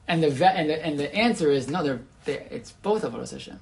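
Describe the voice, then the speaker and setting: A man's voice: on the high side, brisk, darkish tone. Male teacher, casual group Torah class, conversational, asks questions, restarts often. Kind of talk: informal Torah class discussion.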